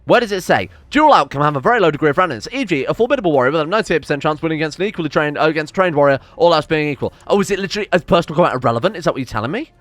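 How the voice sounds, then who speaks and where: Male game streamer, somewhat high voice, exasperated swearing rants, faint music underneath. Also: animated, racing, few pauses, fairly bright tone, no echo. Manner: swears a lot, exasperated ranting. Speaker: gaming channel host. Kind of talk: casual gameplay commentary.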